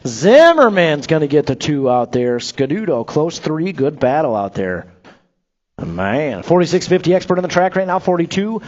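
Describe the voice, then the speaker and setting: A man's voice: a little high, expressive, a little mellow, lo-fi sound. A man announcing live BMX races over a track PA, rattling off rider names and placings with joking asides. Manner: upbeat, joking asides between rapid race calls. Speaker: race announcer. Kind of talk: live BMX race commentary.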